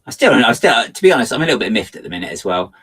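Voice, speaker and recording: A man's voice: rapid-fire, husky. A man chatting playfully and self-mockingly while building on a livestream. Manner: lively, theatrical swings into high pitch. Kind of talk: casual livestream chat.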